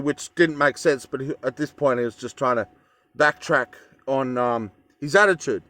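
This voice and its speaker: A man's voice: a little high, normal speed, a bit bright. An Australian man telling a story in a casual vlog, rambling with fillers and self-corrections. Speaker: vlogger.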